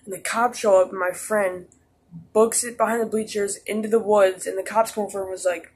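High-pitched and steady in tone, a teenage boy speaks briskly while vlogging a casual storytime, rambling with many restarts and lots of "like." A little hiss or hum sits under the audio.

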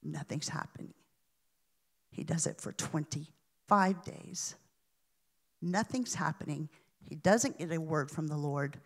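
A woman preacher telling a story in a sermon, dramatic, with sudden hushes and swells. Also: deep voice, animated, measured pace, long pauses.

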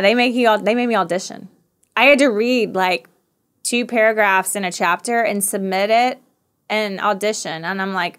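A middle-aged woman with a Southern US accent, chatting as a podcast guest, quick-talking and often laughing. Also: fairly high pitch, fairly bright tone. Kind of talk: casual conversational interview.

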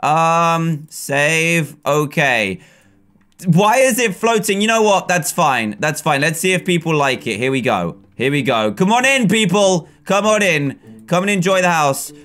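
A young man giving casual, excitable commentary as he plays a video game, laughing often and talking to the other players. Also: a little high, measured pace. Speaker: gaming video host. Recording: faint game music behind.

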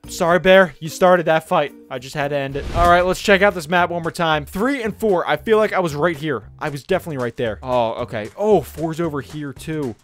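Young man, high voice, excitable gameplay commentary, faint music behind. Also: a little fast, few pauses. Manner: excitable, yelps and shouts when attacked, drops to whispers when sneaking. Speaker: gaming channel host.

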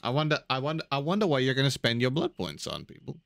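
A man's voice: mid-range voice, big pitch swings, fast talker, gravelly, a bit bright. A man streaming a game live, casually chatting with his viewers, answering their messages and often repeating himself. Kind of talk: casual live-stream chat while gaming.

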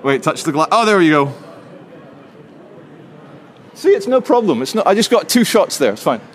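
A man's voice: high-pitched, moderate pace. A man filming in a city street, cheekily arguing with security staff about his right to film. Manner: cheeky, argumentative, animated. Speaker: street filmmaker. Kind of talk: confrontational street chat. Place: outdoors in a city plaza.

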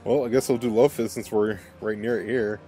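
A young man giving casual let's-play commentary, excitable and swearing as he plays. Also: on the low side, fairly quick, faint music behind. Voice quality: excitable, swears and laughs often.

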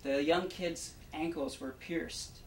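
Speaking slowly in a voice on the high side, an actor warms up the audience before the show, chatting casually, retelling the backstory and addressing them directly. The recording sounds roomy and distant, with a faint hum behind him.

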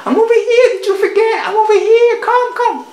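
A woman voicing a shrill sassy talking van. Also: normal speed, a little mellow, echoey room. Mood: sassy eager. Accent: Puerto Rican. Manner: shrill, pushy, teasing. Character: sassy talking female van, bossy and eager.

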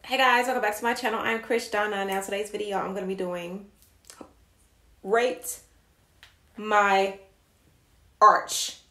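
A woman's voice: medium pitch, fairly even intonation, unhurried, pauses often, sharp tone, echoey room. A young woman vlogging to camera in a sassy, playful way, calling her viewers honey. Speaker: YouTube vlogger. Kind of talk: casual chatty vlog to camera.

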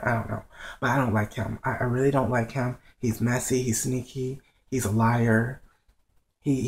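Gravelly hushed voice whispering a blunt salty tv recap at home late at night, faint hiss behind. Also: mid-range voice, rough recording. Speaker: show reviewer. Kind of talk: casual TV episode review.

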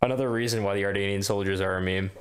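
A man's voice: lowish voice, fairly even intonation, racing. A man chatting casually and joking as he streams a game's cutscenes. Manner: chatty, joking, laughs often. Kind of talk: casual commentary over cutscenes. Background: faint game music.

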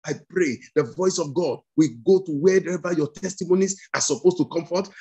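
A husky, somewhat high-pitched man preaching and praying with fervor. He drives his lines as repeated commands and slips into speaking in tongues between them. The sound comes through a video call. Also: warm tone. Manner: commanding, repetitive declarations. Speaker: pastor. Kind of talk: fervent prayer sermon.

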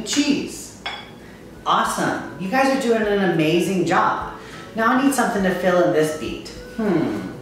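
A woman teaching a kindergarten music lesson, upbeat and encouraging, chanting words to a steady beat and calling on children to join in. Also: lowish voice, slight background noise. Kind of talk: children's lesson, call and response. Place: kitchen. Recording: echoey room, mic far off.

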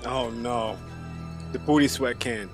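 A man's voice: medium pitch, takes it slowly, music in the background. A man hosting a movie reaction, chatting casually and laughing often. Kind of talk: casual commentary. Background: movie soundtrack.

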